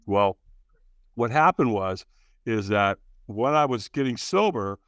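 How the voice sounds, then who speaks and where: A man's voice: on the low side, lively intonation, unhurried, fairly bright tone, no echo, clean studio sound. A man in his sixties, a podcast guest, frankly and earnestly recounting his life, with fillers, restarts and acted-out quotes. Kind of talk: candid personal storytelling in an interview.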